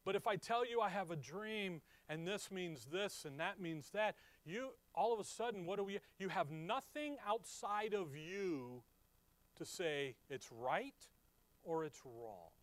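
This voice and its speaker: A male preacher teaching from the Bible in a high, ringing voice that turns loud and then drops low. He keeps putting questions to the listeners. The sound is close and dry, with no room echo. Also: expressive, measured pace. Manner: conversational, asks the listeners questions; emphatic, swings from loud to quiet.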